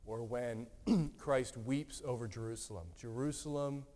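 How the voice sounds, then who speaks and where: Guy preaching earnestly, mid-pitched voice, big echoey hall. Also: measured pace. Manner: earnest, repeats words, gentle emphasis. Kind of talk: sermon. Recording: long hall reverb.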